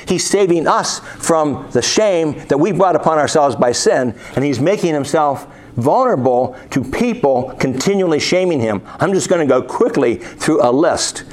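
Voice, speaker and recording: A man's voice: on the high side, lively intonation, normal speed, hardly any pauses. A man preaching a sermon, reading scripture aloud and asking his listeners rhetorical questions.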